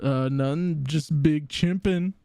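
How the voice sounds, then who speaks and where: A man's voice: on the high side, slow, gravelly, dark tone, clear, resonant tone, no room sound. A young man hosting a livestream, chatting casually with callers and telling a rambling story with many restarts. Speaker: livestream host.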